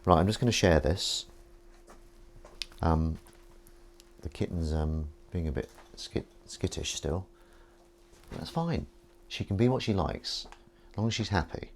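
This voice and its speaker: A man's voice: deep voice, lively intonation, a little slow, pauses often, a little hiss or hum. A man hosting a live stream at home, talking in a rambling, playful, self-mocking way. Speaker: livestream host. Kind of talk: casual live-stream chat.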